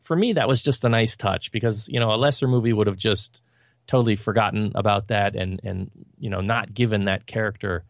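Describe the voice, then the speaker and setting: A man with a low, gravelly voice chats casually about films on a podcast. He sounds relaxed and conversational, and his recording is close and dry with no room sound. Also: brisk, no echo. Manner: relaxed, conversational, frequent "you know". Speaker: podcast co-host. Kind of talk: casual film discussion.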